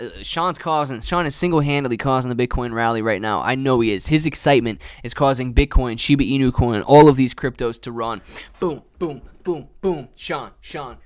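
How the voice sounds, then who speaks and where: A young man hosting a live trading stream, excitedly thanking viewers by name between bursts of market commentary, a little out of breath. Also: medium pitch.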